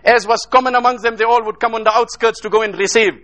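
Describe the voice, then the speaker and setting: Man, high voice, bright tone, emotional sermon, rhetorical repetition, Arabic phrases. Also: steady tone, fast talker. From South Africa. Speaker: Islamic speaker.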